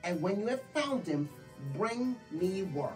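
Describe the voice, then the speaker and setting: Woman doing a wise guy reading the bible out loud, faint music behind. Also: medium pitch, animated, a little slow, natural voice, rough recording. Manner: reads scripture aloud, then slips into gangster talk.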